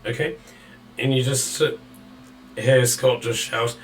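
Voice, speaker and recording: A man acting as dungeon master, narrating and ruling on rolls in a relaxed way, laughing often. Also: mid-range voice, takes it slowly. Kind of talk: running a tabletop game over voice chat.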